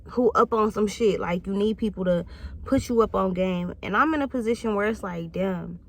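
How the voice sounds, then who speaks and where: A woman's voice: medium pitch, moderate pace. A woman in her thirties talking bluntly and reflectively in a candid vlog monologue, swearing freely. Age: 30s. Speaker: channel host.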